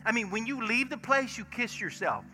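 A man, a pastor preaching in church and acting out stories, swinging from hushed asides to loud bursts. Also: very high-pitched, normal speed, a little hiss or hum. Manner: animated storyteller, acts out dialogue, swings from hushed to shouting. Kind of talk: sermon with storytelling. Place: church sanctuary. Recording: music playing behind sermon. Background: soft worship music.

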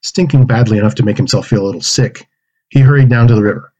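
A man with a low, husky voice reads a children's story aloud. He performs the dialogue and animal noises with lively storybook expression, husky texture throughout. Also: fast, lo-fi sound. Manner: acts out pig oinks and character lines. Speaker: narrator reading a manuscript aloud.

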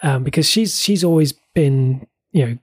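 A man's voice: on the high side, normal speed, slightly rough, no room sound, studio quality. A man from England co-hosting a casual podcast about shows, chatty, with playful mock indignation and frequent restarts. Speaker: podcast co-host. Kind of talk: casual entertainment review chat.

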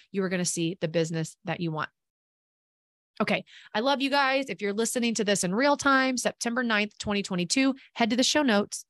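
A woman's voice: medium pitch, fairly bright tone, dry recording. Lady coach on her podcast, all fired up and preachy, super dry close mic. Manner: fervent, preachy, faith-driven. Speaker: podcast host and business coach. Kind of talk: motivational podcast monologue.

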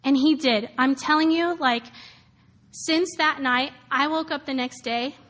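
Woman in her 30s telling her story, high voice, chatty and animated, lots of likes and ums. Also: a little slow. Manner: animated, many fillers and laughs, acts out quoted voices. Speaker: speaker sharing a personal testimony. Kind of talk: casual storytelling testimony.

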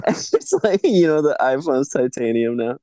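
A man co-hosting a podcast in casual chat, sarcastic and deadpan, swearing often. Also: medium pitch, measured pace, no echo. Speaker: podcast co-host.

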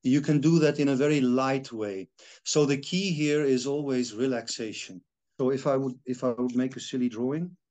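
A man calmly talking someone through a relaxation and stretching exercise, step by step. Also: medium pitch. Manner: calm, slow step-by-step instructions. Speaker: movement teacher. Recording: dull lo-fi sound.

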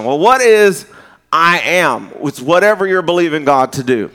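A man preaching a sermon, his voice sitting a little higher than most men's. He talks in a loose, conversational way, full of folksy asides. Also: very animated, normal speed, pushed and bright. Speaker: pastor.

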